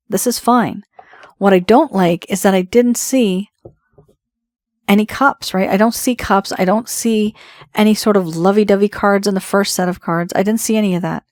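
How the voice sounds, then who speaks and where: A woman's voice: medium pitch, a little mellow, no echo, studio quality. A woman giving a tarot reading, talking straight to the viewer in a conversational, reassuring way. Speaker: tarot reader.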